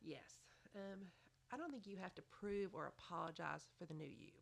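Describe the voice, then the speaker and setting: A woman's voice: lowish voice, animated, normal speed, gravelly. A woman giving motherly advice in a chatty podcast conversation, often saying "you know". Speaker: podcast guest. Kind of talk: casual advice chat.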